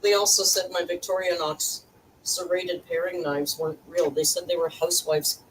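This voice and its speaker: A woman's voice: fairly low pitch, flat delivery, moderate pace. A woman hosting a casual cooking vlog, chatting with wry asides to her viewers as she cooks in her home kitchen. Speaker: cooking channel host. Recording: distant mic, noisy kitchen.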